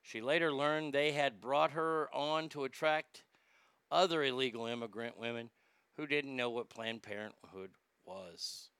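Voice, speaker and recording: A male commentary host with a bright, crisp, smooth voice recorded close and dry. He talks with open indignation and heavy sarcasm. When he gets worked up, he trips into halting restarts. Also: mid-range voice, no room sound. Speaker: podcast host. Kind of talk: political commentary show.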